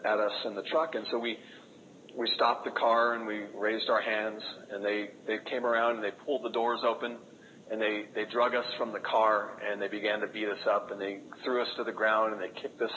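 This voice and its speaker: A man speaking as a missionary, telling a story to an audience in an earnest way, with lots of halting restarts. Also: on the low side, steady tone, pushed and bright, lo-fi sound, slight background noise. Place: room with a live audience.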